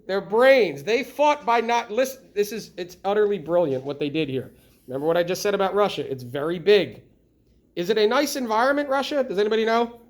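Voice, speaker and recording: High-voiced lively male history teacher. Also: fairly quick. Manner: lively, asks the class frequent questions. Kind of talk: classroom lecture.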